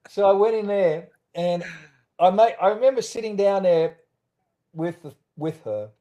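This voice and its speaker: An Australian man speaks as a podcast guest, candid and animated, slipping into the voices of the people he quotes. His voice sits a little higher than most men's. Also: moderate pace, dull audio. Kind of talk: storytelling in a podcast interview.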